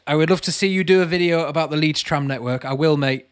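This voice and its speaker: Quick and smooth, with a voice on the high side, a late-thirties Lancashire man chats casually on his livestream. As the channel host, he reads viewer comments aloud and addresses people as mate.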